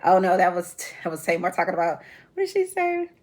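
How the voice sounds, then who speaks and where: A woman in her forties hosting a reality TV commentary chat, sassy and animated, laughing often as she talks. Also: fairly low pitch, fast. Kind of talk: casual chat.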